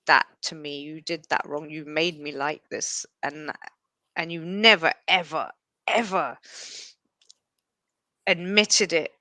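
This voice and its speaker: A woman's voice: fairly low pitch, pushed and bright, no echo. A woman co-hosting a live chat, tearful and sniffling, sighing as she searches for her words. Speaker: co-host. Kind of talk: emotional heart-to-heart chat.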